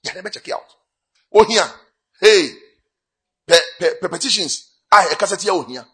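A man's voice: high-pitched, expressive, moderate pace, pauses often, sharp tone, slightly rough. A man preaching a sermon with a Ghanaian accent, switching between Twi and English and rising into bursts of emphasis. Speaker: pastor.

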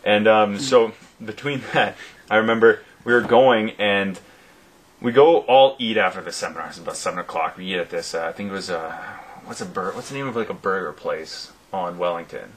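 Deep-voiced man telling a story. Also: fairly quick, slight background noise, rough recording. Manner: rambling, animated, lots of fillers. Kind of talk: casual storytelling chat.

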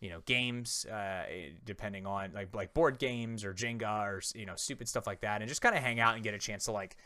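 Male podcast co-host in his 30s, teasing quizmaster, bright tone, dry close sound. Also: on the low side, fairly quick, no echo. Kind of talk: casual chat.

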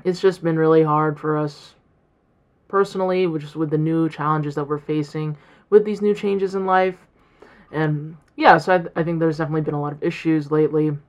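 A young woman in college hosts her own casual solo podcast, rambling reflectively with many fillers and restarts. Her low-pitched voice is steady and fairly quick.

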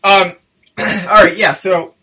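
A man's voice: high voice, fairly even intonation, takes it slowly, sharp tone, distant mic. A man co-hosting a casual movie review chat, rambling and self-interrupting as he talks, often laughing. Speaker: podcast co-host.

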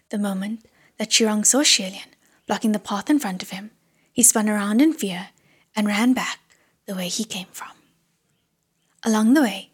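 A woman reading an audiobook in a hushed, measured whisper. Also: medium pitch, husky. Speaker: audiobook narrator.

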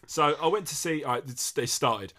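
Bright-voiced man riffing playfully. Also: measured pace. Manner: rambling, mimics film characters with big pitch jumps. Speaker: podcast co-host. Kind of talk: casual comedic chat.

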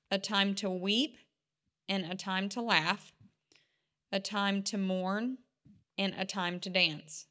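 A woman reading scripture aloud to a church group in a steady, measured way. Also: mid-range voice. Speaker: scripture reader.

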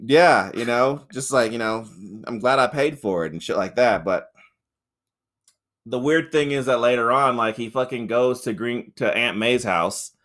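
Reviewing a film on the podcast he co-hosts, a man chats casually and profanely, rambling, laughing often, and performing characters in high-pitched voices. His delivery is a little slow and a bit bright.

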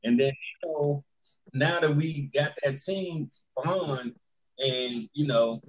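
A man's voice: on the high side, slow, muffled recording. A man in casual podcast banter, joking and teasing, with some swearing. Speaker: podcast co-host.

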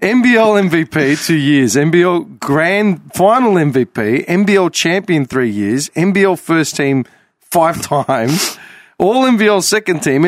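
A man's voice: fairly high pitch, no room sound, clean studio sound. A man, telling stories animatedly and laughing in a casual chat.

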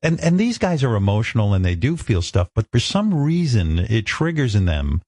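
Brash, animated male radio host. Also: lowish voice, normal speed, no echo, clean studio sound. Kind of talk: radio talk show banter.

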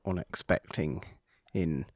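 A man hosting a podcast, chatting casually and rambling with self-mocking humor and sudden excited bursts. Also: deep voice, slow pace, dry recording, studio quality. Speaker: podcast host. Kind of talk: casual chat.

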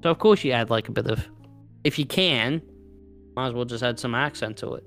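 A man's voice: mid-range voice, brisk, soft background music. Rambling young Australian man. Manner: rambling, animated storyteller, swears casually. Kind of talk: casual podcast chat.

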